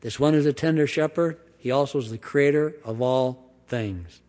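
A man preaching a sermon, reading scripture aloud with sweeping emphasis and then dropping into quiet, conversational explanation. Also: normal speed. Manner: emphatic reading with big swings of pitch and volume, dropping to quiet asides. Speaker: pastor. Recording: long hall reverb.

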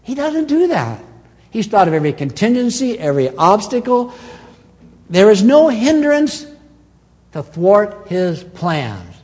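A man preaching a sermon as pastor, with dramatic swings between loud and soft and quick and slow. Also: high voice, big-room sound. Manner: animated preaching with dramatic swings in loudness and pace.

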